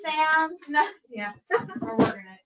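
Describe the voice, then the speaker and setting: A woman's voice: high-pitched, expressive, slow pace, pushed and bright, lo-fi sound. A woman teacher leading a spelling lesson in a classroom, patient and coaxing, often saying mm-hmm.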